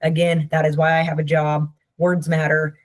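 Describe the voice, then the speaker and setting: A woman therapist with a fairly low voice teaches in a relaxed, chatty way. She keeps checking in with her listeners and slips into playful little impressions of the people she describes. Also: normal speed, no room sound. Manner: conversational, checks in with frequent "Okay?"; acts out quoted voices playfully. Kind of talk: casual teaching talk.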